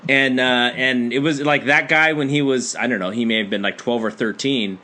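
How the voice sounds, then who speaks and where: A man's voice: medium pitch, fairly even intonation, brisk, bright, forceful tone. A man co-hosting a casual wrestling podcast, telling a long story with many false starts and restarts. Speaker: podcast co-host. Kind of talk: casual chat.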